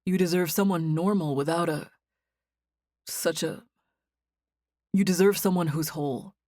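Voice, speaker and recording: A woman voicing a troubled young man who speaks in a low, halting, guarded way in a storybook reading. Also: darkish tone, no room sound, studio quality, lightly acted. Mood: ashamed.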